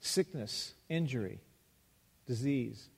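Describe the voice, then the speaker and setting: A man's voice: medium pitch, vocal fry, husky. Preaching man in a reverberant hall. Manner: preaching with acted-out Bible dialogue, pauses for emphasis. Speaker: pastor. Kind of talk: sermon.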